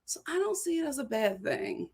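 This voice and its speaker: A young woman with a light Philadelphia accent hosting a casual live-stream chat, talking in an animated way with frequent "right?" asides. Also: high-pitched, moderate pace, gravelly. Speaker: host reviewing a reality show.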